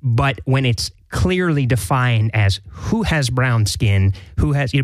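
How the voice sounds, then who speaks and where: A man co-hosting a casual studio chat with a lowish voice. He rambles, restarts sentences and chuckles as he goes. The recording is close and dry, with no room sound. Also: dry recording. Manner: rambling, self-interrupting, laughs often. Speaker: podcast co-host.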